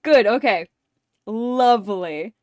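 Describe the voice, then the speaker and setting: A woman's voice: on the high side, expressive, slow, a little mellow, no echo, studio quality. A woman streamer chatting casually with viewers, swearing freely, laughing often and rambling through anecdotes.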